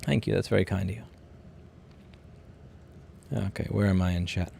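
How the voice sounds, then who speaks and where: A man's voice: low voice, fairly even intonation, moderate pace, gravelly, warm tone, a little hiss or hum. A man in his thirties with a New York accent, hosting a casual livestream. He reads out viewer comments and answers them bluntly, sometimes with profanity, rambling and restarting his sentences. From Queens, New York City. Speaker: livestream host.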